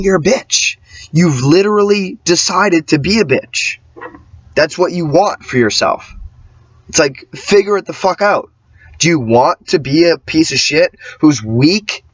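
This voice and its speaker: A man's voice: a little high, dry recording. A man ranting in a casual vlog monologue, emphatic and profane, rambling with many restarts. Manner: often mimics other people's voices. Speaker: vlogger. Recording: dull lo-fi sound, dry.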